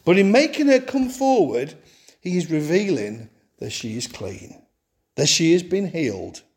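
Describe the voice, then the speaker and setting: A man preaching a sermon, telling a story in an animated way and acting out the quotes. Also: on the high side, a little slow.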